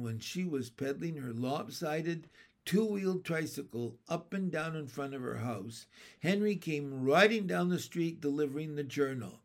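A man's voice: a little high, a little mellow. Man reading a children's story. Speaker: narrator. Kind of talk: audiobook narration.

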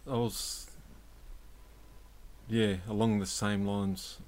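A man co-hosting a podcast in casual chat, speaking in a slow, hesitant, dry way. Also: lowish voice, level tone, a little mellow. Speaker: podcast co-host.

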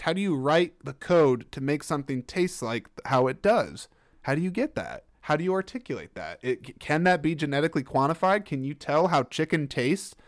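A man's voice: a little high, dry recording, studio quality. A young man hosting a solo podcast, rambling and self-mocking with lots of restarts. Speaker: podcast host. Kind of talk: casual solo podcast monologue.

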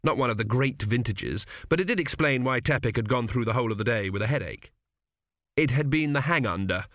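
A man reading a comic fantasy novel aloud as an audiobook, with measured storytelling and light voices for the characters. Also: mid-range voice, a bit bright, dry recording, clean studio sound. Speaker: audiobook narrator. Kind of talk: scripted audiobook narration.

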